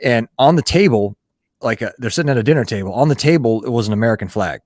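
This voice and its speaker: A man of middle pitch hosts a casual podcast, explaining his views in a halting way with many repeated words. His voice sounds close and dry. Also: animated, a little mellow, dry recording.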